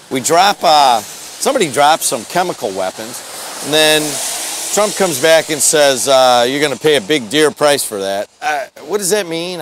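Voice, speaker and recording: Middle-aged guy doing morning radio outside, folksy rambling, bit high voice, faint traffic noise. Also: fairly bright tone. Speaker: radio morning show host. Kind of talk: casual talk radio monologue. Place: outdoors in the snow.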